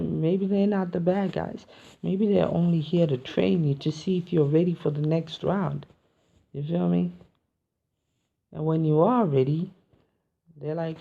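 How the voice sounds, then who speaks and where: A man's voice: on the high side, a little slow, creaky, pauses often, darkish tone, slightly rough, muffled recording. A man vlogging in a casual, rambling monologue, musing philosophically and often checking in with his listeners. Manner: rambling, philosophical, peppered with "you feel me" and "man".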